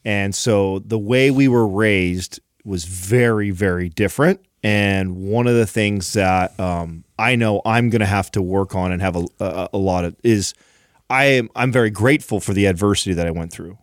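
A man's voice: lowish voice, normal speed, no echo, clean studio sound. A young man co-hosting a casual podcast, animatedly telling a story with many restarts and repeats. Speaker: podcast co-host.

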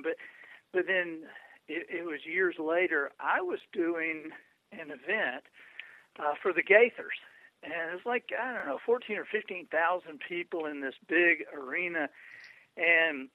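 High-voiced man telling stories over the phone. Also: no echo. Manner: animated, many stammered restarts. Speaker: guest, author and speaker. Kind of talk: storytelling interview answers. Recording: tinny phone line, dry.

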